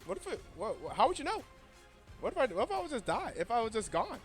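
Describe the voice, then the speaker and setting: A woman's voice: fairly high pitch, very animated, fast talker, soft background music, voice pushed up. A man putting on a guilt-tripping fifty-something mom. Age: 50s. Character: nagging middle-aged mother, guilt-tripping.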